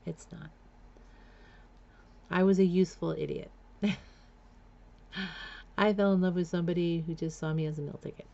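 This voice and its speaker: Gravelly low-voiced woman telling her story. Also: little pitch movement, moderate pace, pauses often, mellow, muffled recording. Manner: frank, confessional, blunt. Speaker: memoir storyteller. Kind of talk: candid personal storytelling.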